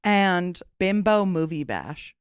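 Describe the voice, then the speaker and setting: Young woman podcast host, low smooth voice, laughy and sweary, dry close mic. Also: sing-song, slow pace, no room sound. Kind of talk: casual chat.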